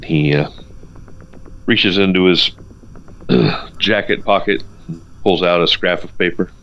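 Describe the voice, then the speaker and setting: A man narrating a tabletop game as its game master, in a relaxed and halting way with fillers. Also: deep voice, highs cut off.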